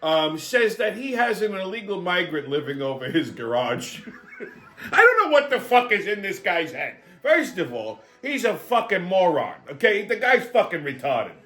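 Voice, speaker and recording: A man's voice: high-pitched, very animated, normal speed, sharp tone, soft background music. A male host ranting on a comedic political show, brash, swaggering and full of swearing. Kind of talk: profane comedic political rant.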